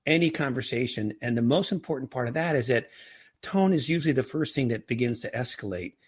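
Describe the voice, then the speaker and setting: A man's voice: mid-range voice, expressive, brisk, slightly rough. A middle-aged man talking casually as a podcast guest, often restarting and repeating words. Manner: frequent restarts and stammered repeats. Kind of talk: casual interview talk.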